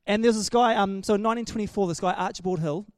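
A man's voice: high-pitched, fast talker, dry recording, studio quality. A man preaching a casual sermon in a chatty, joking way, often restarting his sentences.

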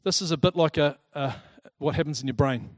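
A man giving a talk to a live audience, lively and chatty, telling personal stories and acting out the people in them. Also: a little high, a little fast, dry recording, studio quality. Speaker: speaker presenting to a group.

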